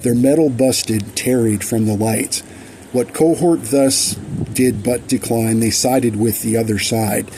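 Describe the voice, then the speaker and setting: A man with a dark, mellow voice recites his own rhyming poetry, and his delivery is measured and steeped in archaic phrasing. He sometimes stops and restarts a line. Faint noise and passing traffic sit under the voice. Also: medium pitch, low-quality recording. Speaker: poet.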